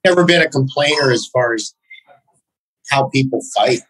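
A man being interviewed on a podcast, telling stories in a halting, reflective way. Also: medium pitch, a bit bright, no echo, rough recording. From United States. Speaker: podcast guest, jiu-jitsu black belt. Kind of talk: casual interview, storytelling.

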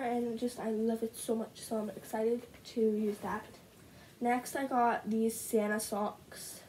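A teenage girl filming a casual haul video at home, gushing over each item with lots of "like" and "so good", her voice a little rough. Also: on the high side, level tone, slow pace, dark tone, a little hiss or hum, low-quality recording. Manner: gushing, bubbly, heavy use of "like". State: slightly rough voice. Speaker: vlogger. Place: at home, indoors. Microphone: camera set up in front of her.

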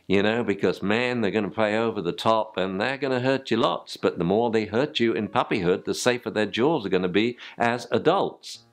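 A man's voice: on the low side, moderate pace, few pauses. An older man, teaching dog training informally and acting out yelps and spoken commands to dogs.

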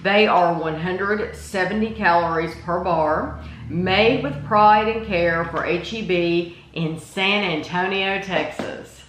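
A chatty, enthusiastic woman hosts a home snack taste test, reading the package labels aloud. Her voice sits a little low for a woman. The room is echoey, with a faint hiss underneath. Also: slow pace, a bit bright. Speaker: host. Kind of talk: casual taste-test review.

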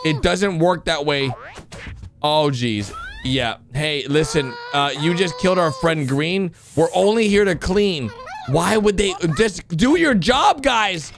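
A man doing excited reaction commentary over cartoon clips, swinging between loud cheering and low worried muttering. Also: slow, gravelly, long pauses, background noise. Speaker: gaming commentator reacting to animations.

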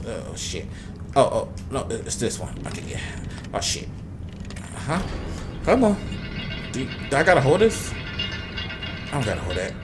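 A man's voice: mid-range voice, background noise. A young man commentating a game he is playing, talking to the game and his viewers and swearing a lot. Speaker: gaming YouTuber. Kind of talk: let's play commentary.

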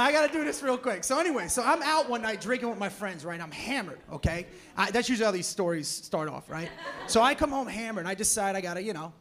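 A man's voice: high-pitched, a bit bright. A man performing a live stand-up set on a comedy club stage, brash and profane as he tells stories. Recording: noisy live club recording.

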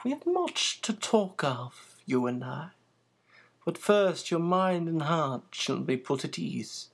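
Soft-spoken old magician guy done by the reader, slow formal words, quiet authority, voice swoops around a lot. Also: mid-range voice, very animated, creaky, breathy edge, exaggerated voice. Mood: calm, commanding. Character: old male magician shopkeeper, soft, commanding.

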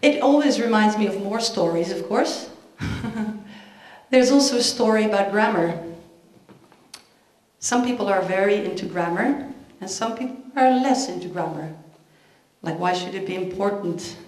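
A woman teacher giving a lively storytelling talk at a conference, acting out jokes. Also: mid-range voice, a little slow. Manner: lively, acts out jokes with voices. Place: conference hall. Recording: echoey conference hall.

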